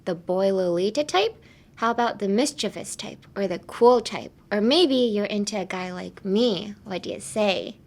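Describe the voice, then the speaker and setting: A woman's voice: mid-range voice, normal speed, darkish tone. A young woman hosting a casual podcast, chatting and teaching English pronunciation, laughing often. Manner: giggly, chatty, lots of "like" and laughter. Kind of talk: casual chat and pronunciation lesson.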